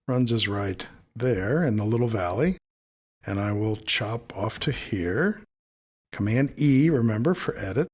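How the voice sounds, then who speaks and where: A man in a relaxed tutorial, walking through audio edits step by step. He thinks aloud, replays short snippets and drops quiet asides while he works, at an even middling pitch. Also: moderate pace, breathy edge. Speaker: audio editing instructor. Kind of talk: screen-recorded editing tutorial.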